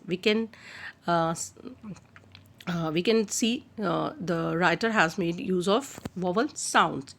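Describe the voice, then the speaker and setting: A woman's voice: lowish voice, slow pace, vocal fry. Woman lecturing on poetry, repeating key terms. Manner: explains step by step, repeats key terms, fillers like "uh". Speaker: literature lecturer.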